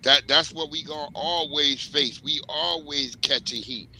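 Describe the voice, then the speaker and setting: A man's voice: fairly high pitch, a little slow, pushed and bright, a little hiss or hum, rough recording. A man in a casual panel talk, heated and blunt, swearing freely.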